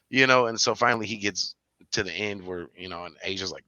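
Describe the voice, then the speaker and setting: Deep-voiced man telling a lively story. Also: quick pace, no room sound, lo-fi sound. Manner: animated storyteller, breaks into high-pitched laughing bursts. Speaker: podcast co-host. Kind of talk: casual chat.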